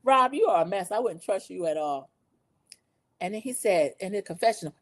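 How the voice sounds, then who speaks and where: Speaking at a normal speed with a medium pitch and lively intonation, a middle-aged recap host talks directly to her viewers in a chatty, opinionated way. She has spent more than twenty years living in the American South.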